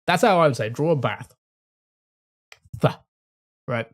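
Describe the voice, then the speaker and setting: A man's voice: on the high side, expressive, fast. A man rambling casually to his live-stream chat, swearing freely and restarting his sentences often. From England.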